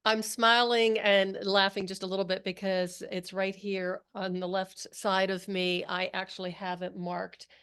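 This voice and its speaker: A woman hosts a conversational podcast interview. Her voice is smooth and clear. She speaks in a level, even tone. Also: medium pitch, measured pace, few pauses. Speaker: podcast host.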